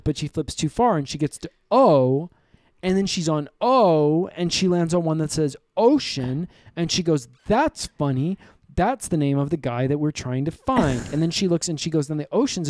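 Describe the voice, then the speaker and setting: Comedy podcast guy rambling deadpan, kinda high voice, warm tone. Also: dry recording, studio quality. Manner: rambling, deadpan absurd storytelling with laughs. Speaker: podcast co-host. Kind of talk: improvised comedy recap.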